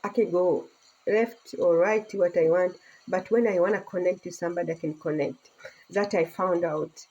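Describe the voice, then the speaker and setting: A woman's voice: lowish voice, steady tone, normal speed, warm tone, lo-fi sound. A woman vlogger in a casual chat, talking in rambling, emotional broken English and laughing often.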